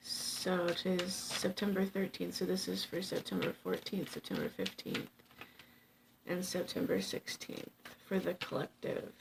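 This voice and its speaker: A woman's voice: lowish voice, big pitch swings, a little slow, gravelly, a little hiss or hum. Chatty, rambling woman tarot reader. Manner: rambling and chatty, many fillers and self-interrupting laughs; joking, swears casually. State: tired without coffee. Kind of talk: casual chat to camera.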